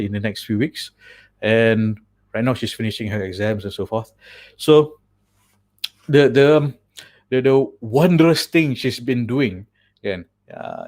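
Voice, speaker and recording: A man's voice: mid-range voice, darkish tone. Chatty Malaysian man telling a story. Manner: chatty storyteller, switching languages mid-sentence, laughing often. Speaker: host. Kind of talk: casual chat.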